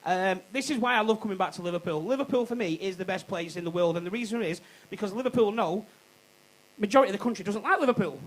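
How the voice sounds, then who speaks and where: High-voiced brash comedian. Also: male voice, quick pace, low-quality recording. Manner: brash, cheeky and swearing, laughing at his own jokes. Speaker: stand-up comedian. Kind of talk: stand-up comedy routine. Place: comedy club stage.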